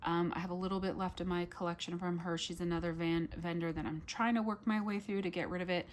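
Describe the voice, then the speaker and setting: A woman vlogger chatting casually through a product review, full of ums and likes and quick self-corrections. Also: fairly low pitch, steady tone, a little hiss or hum.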